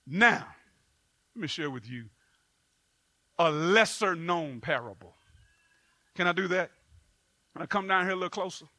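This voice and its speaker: A man preaching a sermon and telling a story, with animated delivery and sudden loud bursts. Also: fairly high pitch, moderate pace, pauses often, no room sound.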